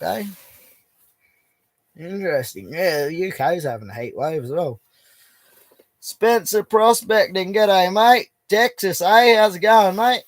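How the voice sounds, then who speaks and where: A young Australian man livestreams from his bush camp while prospecting, his fairly high voice carrying a darkish tone with no room sound. Laid-back and chatty, he reads viewer comments aloud and laughs easily.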